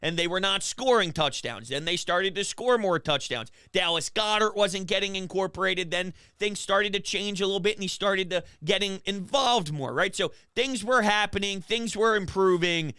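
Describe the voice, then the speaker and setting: A man hosting a sports talk show, ranting fast and animated in an opinionated way, with quick restarts. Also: high voice, clean tone, no room sound, studio quality. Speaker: sports podcast host.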